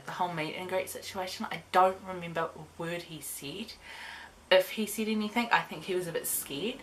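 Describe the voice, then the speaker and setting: A young woman telling a fan story in a casual bedroom vlog, excitable and gushing, with giggles and drops to a whisper. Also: medium pitch, a little hiss or hum. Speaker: vlogger.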